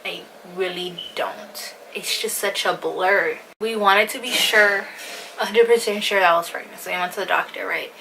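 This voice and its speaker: A woman's voice: medium pitch, normal speed, vocal fry, background noise. A young woman vlogger telling a personal story in a rambling, casual way, full of fillers and swearing.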